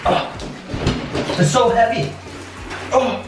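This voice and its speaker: A woman's voice: a little high, takes it slowly. A woman vlogger chatting and squealing in a bathroom, laughing a lot and repeatedly saying she is scared. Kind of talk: excited casual vlog chat. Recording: echoey bathroom with faint music.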